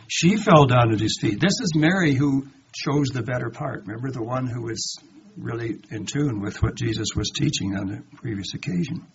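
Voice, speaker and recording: A man's voice: mid-range voice, breathy edge. A man giving a conversational Bible study sermon, reading verses aloud and then commenting with rhetorical questions, and acting out the quoted lines. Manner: dramatizes quoted lines in a lively voice. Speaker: Bible teacher. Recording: dull lo-fi recording with faint background noise.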